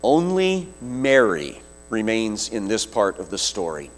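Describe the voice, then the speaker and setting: A man preaching a sermon, retelling a scripture story vividly with slow, deliberate phrasing. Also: on the low side, very animated, faint music behind.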